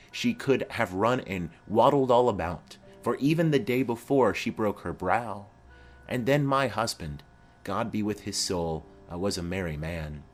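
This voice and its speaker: A man voicing a garrulous old woman nurse who chatters on in long rambling memories, in a dramatic reading of a play. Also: on the low side.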